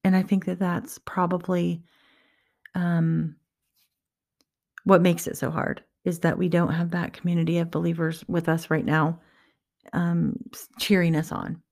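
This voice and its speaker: A woman's voice: fairly low pitch, level tone, unhurried, gravelly, long pauses, darkish tone. A woman giving an earnest, heartfelt personal faith talk to her viewers, encouraging them. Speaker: Christian vlogger.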